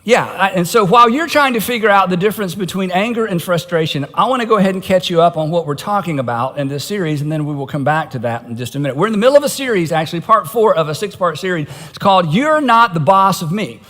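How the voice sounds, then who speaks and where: A middle-aged man preaching a sermon with a high, very animated voice. He talks casually and pokes fun at himself, with wry asides. His voice rings with the long reverb of a large auditorium. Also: quick pace, hardly any pauses. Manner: conversational and self-mocking, with wry asides. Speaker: pastor.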